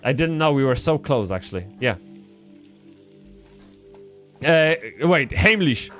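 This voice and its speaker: A man's voice: medium pitch, expressive, slow pace, faint music behind. A man from Poland, chatting casually while streaming a game, rambling with frequent restarts and swearing. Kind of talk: casual gaming livestream chat.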